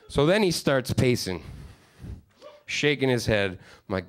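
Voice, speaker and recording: A man's voice: mid-range voice, big pitch swings, moderate pace. A man in his thirties from upstate New York, telling rambling, profane, self-deprecating stories in a stand-up comedy set.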